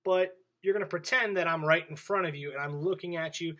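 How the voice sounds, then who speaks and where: A male teacher giving a video lesson to young children, speaking in a clear, friendly voice straight to the camera. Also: fairly high pitch, fairly quick, pushed and bright, low-quality recording. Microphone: camera in front of him.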